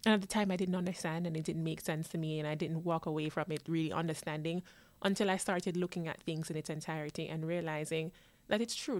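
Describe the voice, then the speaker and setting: Talking about herself on her casual solo podcast, a young woman, New York-born and Jamaica-raised, is chatty and animated, laughing as she voices what others said. She has a lowish voice, recorded without echo.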